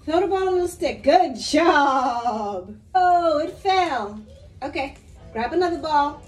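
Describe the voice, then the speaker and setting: A woman's voice: high voice, animated, takes it slowly, echoey room. A mother coaching her young child through play, coaxing and encouraging him with short, repeated cheers. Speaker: mother vlogger.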